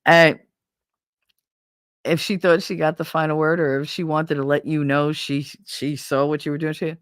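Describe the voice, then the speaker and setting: A woman with a New Jersey accent hosting a casual livestream, chatting and reading viewer comments in a chatty, profane, animated way. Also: medium pitch, normal speed, no echo, studio quality. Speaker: livestream host. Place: at home, smoking.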